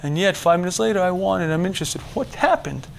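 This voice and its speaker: A middle-aged man giving a religious lecture to men, animated, dropping to a hush and then shouting as he acts out inner voices. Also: sits high, fast talker, vocal fry, a little hiss or hum. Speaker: religious teacher. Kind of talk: lecture to a men's audience.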